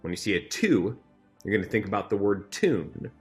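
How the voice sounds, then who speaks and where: Deep-voiced man teaching a memory trick. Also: expressive, normal speed, soft background music. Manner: patient, repetitive explaining with fillers. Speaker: magic instructor. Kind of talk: instructional narration.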